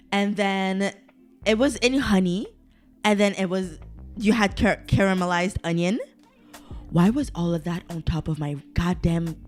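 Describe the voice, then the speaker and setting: A young adult woman hosting her own podcast, ranting casually with lots of swearing and side tangents. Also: mid-range voice. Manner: swears a lot, ranty and digressive; exasperated, exaggerated complaining. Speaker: podcast host. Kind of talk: casual solo podcast rant.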